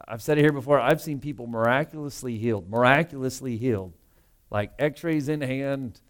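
Smooth-voiced man preaching a sermon. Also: medium pitch, normal speed. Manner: conversational and emphatic, with frequent rhetorical asides. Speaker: pastor.

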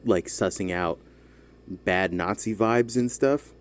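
Rambling low-voiced man, casual chat. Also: slow. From United States. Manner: rambling, laughs often, trails off.

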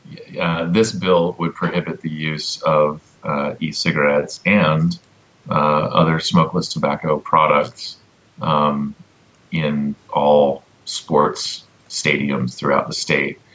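A man on a casual podcast giving an advocacy update, halting with many ums and restarts and a dry sense of humor. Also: extremely low pitch, little pitch movement, a bit bright, dull audio.

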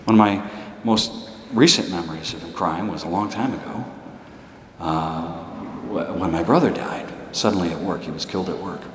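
A man's voice: low voice, normal speed, a bit bright, slight background noise. Guy preaching a sermon, keeps repeating short punchy lines, roomy echoey church sound. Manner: emphatic, repeats short exhortations. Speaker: priest. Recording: echoey hall reverb.

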